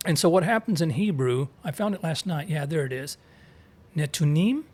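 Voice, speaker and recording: A man leads a relaxed scripture discussion, reading passages aloud and pausing to sound out Hebrew terms. His voice sits somewhat high for a man, and he keeps it conversational with frequent asides. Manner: reads verses aloud, sounds out Hebrew words, explains with asides. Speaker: co-host teaching scripture. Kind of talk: casual Bible study discussion.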